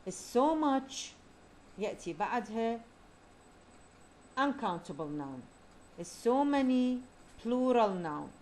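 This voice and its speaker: A woman teaching an English grammar lesson, explaining points and repeating key terms slowly. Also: fairly high pitch, sing-song, a little mellow, a little hiss or hum.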